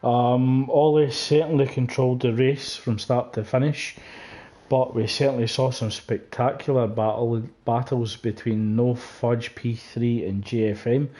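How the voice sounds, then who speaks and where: Mellow-voiced male co-commentator. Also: mid-range voice, fairly even intonation, unhurried. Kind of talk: casual live stream commentary.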